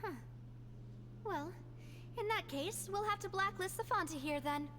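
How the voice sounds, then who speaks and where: A woman's voice: extremely high pitch, a little slow, noisy background. A woman voicing a gracious, confident young female leader in a video game, speaking politely and with poise. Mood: poised. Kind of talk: game voice acting.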